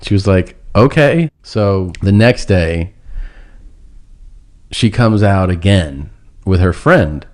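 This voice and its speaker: A man's voice: low-pitched, animated, slow pace, long pauses, a little mellow. A man telling a long, rambling personal story in casual podcast chat, laughing now and then. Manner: rambling, laughs through his own story.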